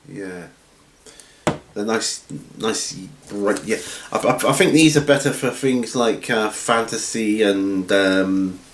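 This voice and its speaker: A man hosting a hobby channel from home, chatting casually through viewer questions in a rambling, relaxed way with lots of ums and restarts. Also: lowish voice, a little hiss or hum. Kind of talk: casual Q&A chat. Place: at home, seated with feet up. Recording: roomy room echo.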